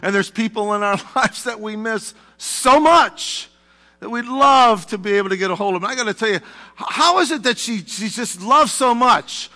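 A man's voice: sits high, moderate pace, bright, forceful tone, in a large hall. A male pastor preaching a sermon in a church, talking conversationally with asides to the congregation. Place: church sanctuary.

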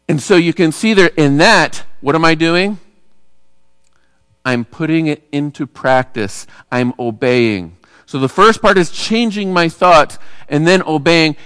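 A man, a pastor, preaching a sermon in a relaxed, conversational way and asking the congregation rhetorical questions. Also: on the high side, clean tone, no room sound, studio quality, in a large hall.

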